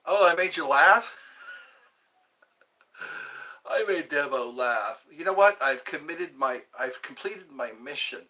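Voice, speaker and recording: A man hosting his own livestream in a playful, chatty way, greeting viewers and answering their comments. His voice is bright and a little high, and it swings up and down a lot. He talks at an unhurried pace. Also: lively intonation. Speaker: livestream host. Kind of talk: casual live chat.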